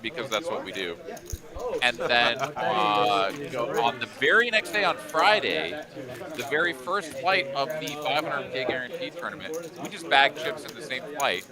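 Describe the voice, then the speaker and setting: A man calling a live poker game, chatting loosely and circling his thoughts with plenty of fillers. His voice sits at an ordinary middle pitch. Crowd chatter carries underneath. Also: expressive, moderate pace. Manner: rambling, thinks aloud with many fillers. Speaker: poker commentator. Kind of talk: live poker commentary, casual banter.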